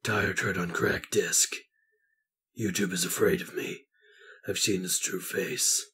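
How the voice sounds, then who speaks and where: Brooding vigilante parody from a male host, low hush, clipped lines, set back from the mic. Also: steady tone, husky, exaggerated voice. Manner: slow, hushed, clipped monologue.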